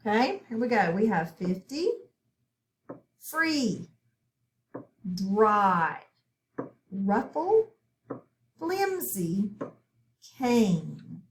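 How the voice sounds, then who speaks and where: A woman teaching a phonics lesson, talking slowly and clearly as she spells out sounds. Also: a little high, darkish tone. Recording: echoey room.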